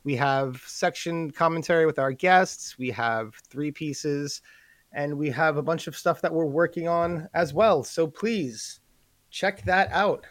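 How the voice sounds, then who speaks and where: A young man with a New York accent, co-hosting a podcast in an energetic, hyped-up chat. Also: on the high side, a little slow, no room sound. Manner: energetic, hyped-up promo delivery. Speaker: podcast co-host.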